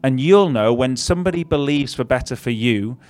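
A man's voice: medium pitch, expressive, a little fast, darkish tone, faint music behind. A man preaching a conversational sermon with wry, self-deprecating asides.

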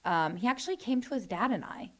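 A woman's voice: a little high, animated, fast. Woman, middle-aged, mother, earnest and protective, talk show chat. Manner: earnest, defends her son at length. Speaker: mother of a guest. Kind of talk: emotional family discussion.

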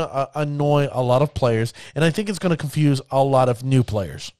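Animated man talking card games. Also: medium pitch, no echo, studio quality. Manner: animated, addresses viewers as ladies and gentlemen, acts out players' reactions. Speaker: card game content creator. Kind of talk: casual commentary to camera.

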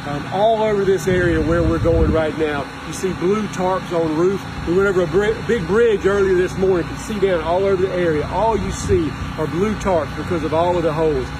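A man's voice: high-pitched, a little fast, few pauses. A man reporting earnestly, in a folksy way, from a storm-damaged neighborhood outdoors, for a ministry video. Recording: loud outdoor traffic noise.

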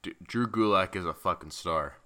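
A man co-hosting a casual podcast chat, swearing freely and ranting with animated exasperation. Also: deep voice, normal speed. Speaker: podcast co-host.

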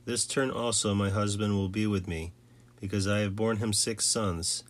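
A rivalrous ancient wife longing for her husband's love, read by a man. The voice sits low and is read plainly and steadily, like a storybook passage. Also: steady tone, normal speed, close to an everyday voice. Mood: earnest.

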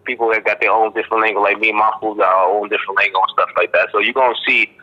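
Brief: low-voiced man from Boston, rapid slangy interview talk, dull lo-fi line. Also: flat delivery. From Boston, Massachusetts. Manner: laid-back slangy talk with many fillers and "you dig". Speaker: rapper, interview guest. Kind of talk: casual interview chat.

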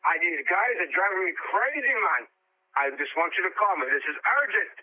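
A man's voice: high-pitched, lively intonation, fairly quick. A man playing an agitated caller who rants and swears on a voicemail, repeating "man" often. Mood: furious. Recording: tinny phone-line voicemail.

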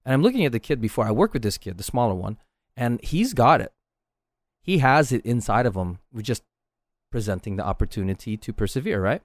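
A man's voice: medium pitch, animated, brisk, no echo. A middle-aged man, a martial arts instructor, talking earnestly on his podcast, often checking in with "right?". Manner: earnest, coaching tone, frequent "right?" tags. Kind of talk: casual solo podcast talk.

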